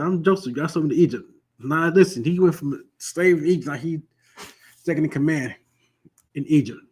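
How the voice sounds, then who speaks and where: A man leading a Bible class, reading verses slowly and then retelling them in loose, slangy everyday talk. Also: medium pitch, breathy edge. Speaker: Bible study teacher. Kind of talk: scripture reading and casual explanation.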